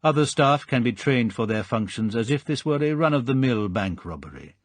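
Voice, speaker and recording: A man voicing a cold, calculating villain in an audiobook, speaking in a measured and quiet way. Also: mid-range voice, animated, dry recording, lightly acted.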